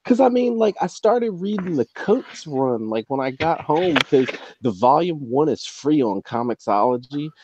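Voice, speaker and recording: A man's voice: fairly high pitch, moderate pace, few pauses. A man co-hosting a podcast, chatting casually with wry humor and many "like"s. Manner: lively, wry, lots of "like". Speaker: podcast co-host. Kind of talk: casual chat. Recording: dry, dull lo-fi sound.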